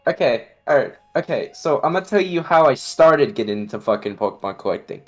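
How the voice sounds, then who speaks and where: Guy on a podcast, mid-pitched voice, rambling and cussing constantly, laughs at himself. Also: very animated, a little fast, soft background music. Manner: rambling, heavy swearing, self-mocking. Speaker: podcast co-host. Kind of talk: casual chat.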